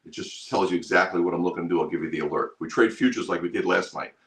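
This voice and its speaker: A man's voice: sits low, quick pace. A man hosting a live stream for his trading group, talking emphatically and repeating himself. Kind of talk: live stream sales pitch.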